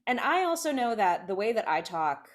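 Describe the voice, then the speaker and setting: This Californian woman in her thirties has a mid-range voice that rises and falls widely, moving at a normal speed. Appearing as a podcast guest, she chats casually, keeps interrupting herself and begins her sentences again and again.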